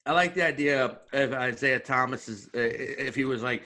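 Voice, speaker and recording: A man co-hosting a comedy podcast, chatting casually and tossing in quick jokes. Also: mid-range voice, pushed and bright. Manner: quick, joking reactions.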